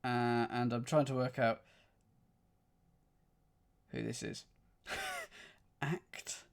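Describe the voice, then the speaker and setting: A man's voice: medium pitch, huge pitch swings, extremely slow, vocal fry. A man streaming himself solving a cryptic crossword, thinking aloud, repeating clues under his breath and counting out letters. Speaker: puzzle streamer.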